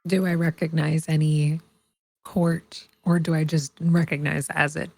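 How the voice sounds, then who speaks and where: Husky low-voiced woman player. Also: flat delivery, a little slow, darkish tone, no room sound. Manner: casual, questioning, trailing off. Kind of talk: tabletop game play.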